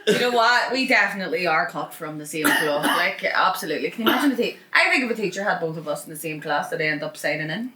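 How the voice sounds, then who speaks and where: A woman's voice: on the low side, lively intonation, quick pace, hardly any pauses, bright, forceful tone, roomy sound. A woman hosting a podcast, chatting casually and bantering with her guest. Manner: chatty, reacts with laughter and banter. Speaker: podcast host. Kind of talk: casual chat.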